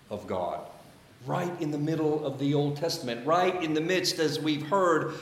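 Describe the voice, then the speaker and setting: Male pastor, sermon, slow and deliberate, echoey sanctuary. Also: a little high, a little hiss or hum. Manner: measured, emphatic delivery with deliberate pauses. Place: church sanctuary.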